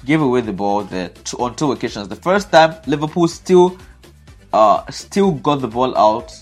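A man's voice: mid-range voice, lively intonation, normal speed, faint music behind. Exasperated man ranting about football. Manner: exasperated, repetitive, emphatic ranting. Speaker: football pundit. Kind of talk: animated match analysis.

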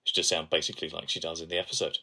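A man's voice: deep voice, little pitch movement, racing, bright, forceful tone, breathy edge. A young man co-hosting a podcast, sharing analysis and trivia in casual chat. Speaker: podcast co-host.

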